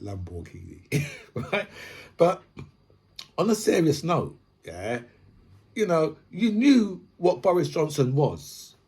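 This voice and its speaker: A man's voice: fairly high pitch, breathy edge. A man hosting a podcast, delivering a blunt, profane political rant full of long analogies. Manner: swears freely, builds long analogies, repeats "right?". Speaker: podcast host.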